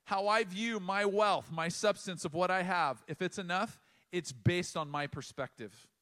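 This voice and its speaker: Middle-aged male pastor, higher-pitched voice; conversational sermon, emphatic pauses. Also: a bit bright.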